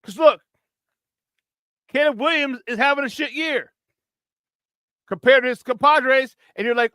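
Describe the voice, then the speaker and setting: Fired-up high-voiced sports host. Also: male voice, a little slow, long pauses, pushed and bright, no echo. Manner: frustrated, profane, mocking impressions. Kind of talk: heated sports talk rant.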